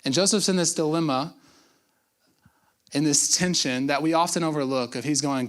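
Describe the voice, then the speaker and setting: A man's voice: fairly high pitch, normal speed, pauses often. A man preaching a conversational sermon as pastor, telling the story casually with jokes and asides.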